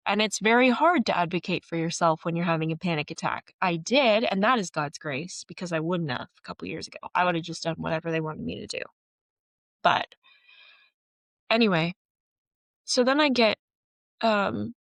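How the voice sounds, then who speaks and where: Woman podcast host, personal monologue, earnest and emotional, low-ish pitch, dry close sound. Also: a little fast, dry recording.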